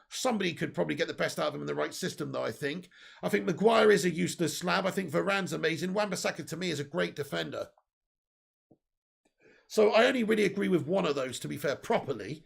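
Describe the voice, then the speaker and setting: A man's voice: sits high, creaky, slightly rough. A young man hosting a live football fan stream, reading viewer messages and giving opinionated, chatty takes while laughing at his own jokes. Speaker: football fan channel host. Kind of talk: live stream chat reading super chats.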